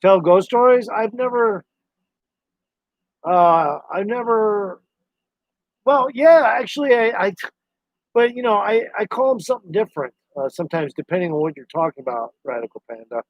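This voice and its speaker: A man's voice: sits high, lively intonation, normal speed, dry recording. A man chatting casually on a live stream, rambling to his viewers and his dog. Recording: dry, dull lo-fi sound.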